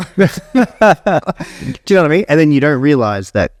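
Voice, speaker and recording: A man's voice: medium pitch, very animated, moderate pace, no room sound, studio quality. A young Australian man co-hosting a podcast in casual chat, blunt and sweary, laughing often. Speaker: podcast co-host.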